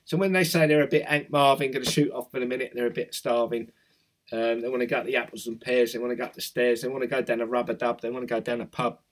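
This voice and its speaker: A man's voice: mid-range voice, little pitch movement, fast. Male crypto vlogger, London accent, rambling casual chat. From South East London. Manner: chatty, rambling, reads out viewer comments. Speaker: crypto YouTuber. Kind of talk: casual chat with live chat viewers.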